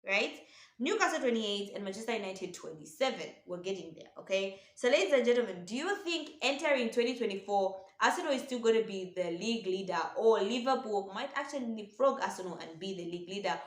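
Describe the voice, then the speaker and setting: An opinionated woman talks football straight to her viewers, making her predictions in a relaxed, chatty way. She keeps calling out to her audience as ladies and gentlemen. Her voice carries a roomy echo, and her pitch sits in the middle for a woman. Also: brisk. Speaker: football pundit host. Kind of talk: casual football commentary to camera.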